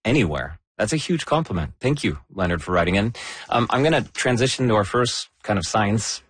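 A man hosting a science podcast, explaining news in a measured conversational way and leaning on key words. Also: on the low side, lively intonation, slightly rough, dry recording. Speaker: podcast host.

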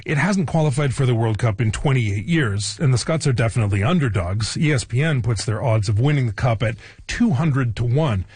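Husky man reading a news intro. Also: mid-range voice, expressive, a little fast, few pauses, a little mellow, no room sound. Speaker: news presenter. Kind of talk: scripted news narration.

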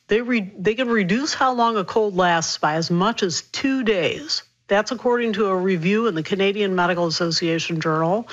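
A woman physician explaining health topics in a radio interview, brisk and clear. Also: medium pitch, dull audio.

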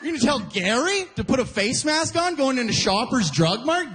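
A young man from Alberta performing a stand-up set, animated and jumping into loud mock voices. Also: extremely high pitch, normal speed, hardly any pauses, long reverb tail, slight background noise. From Alberta, Canada. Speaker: stand-up comedian. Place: live comedy venue.

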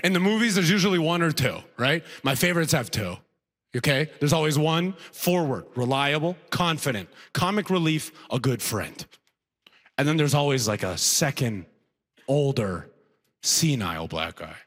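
Animated man telling a stand-up story. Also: normal speed. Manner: animated, swings from high to low for punchlines; laughs at his own jokes. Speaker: stand-up comedian.

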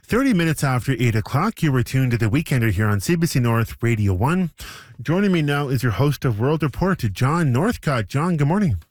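A man hosting a morning radio show, relaxed and chatty with a co-host. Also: medium pitch, a little fast, no room sound. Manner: easygoing, lightly chatty. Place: radio studio. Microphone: studio microphone.

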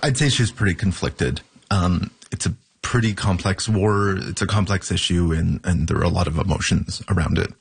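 A male reporter with a low, slightly husky voice talks through his story in a measured tone. He pauses now and then on short fillers. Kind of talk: news report conversation.

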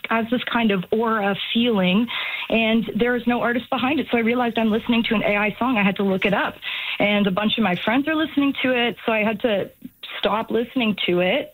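A woman calling in to a radio talk show, speaking casually and animatedly, with quick restarts. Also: on the high side, rough recording. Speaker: caller. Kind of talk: radio call-in.

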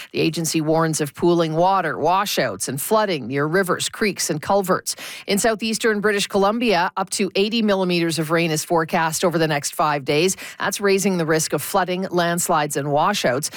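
A woman's voice: lowish voice, dry recording, studio quality. A woman newsreader delivering a morning radio newscast. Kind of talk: newscast reading.

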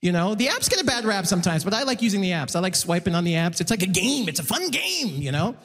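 Animated high-voiced comedian. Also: male voice, quick pace. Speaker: stand-up comedian. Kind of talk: stand-up comedy set. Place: large concert hall on stage. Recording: live hall reverb. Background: audience laughter.

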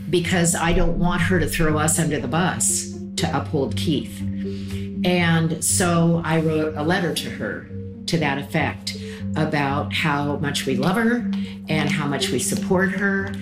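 An older woman gives an earnest, explanatory account in an interview. Her voice is low, and the recording sounds roomy with music clearly audible beneath it. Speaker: interviewee, mother of the subject. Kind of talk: recounting interview.

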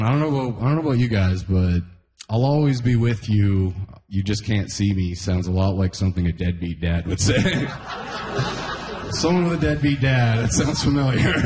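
A young male comedian from Canada works through a stand-up set with a fairly low voice, often laughing at his own lines. The sound is roomy, like a club stage. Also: darkish tone, slight background noise. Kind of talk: stand-up routine.

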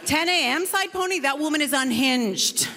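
A woman comedian performing a stand-up set on stage, telling a story in a lively, conversational way. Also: sits high, normal speed, in a large hall.

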